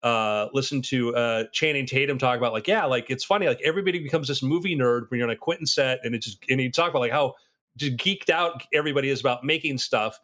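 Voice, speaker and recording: Rambling animated man chatting. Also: mid-range voice. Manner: rambling, animated, does quick impressions. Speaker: writer. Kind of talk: casual podcast chat.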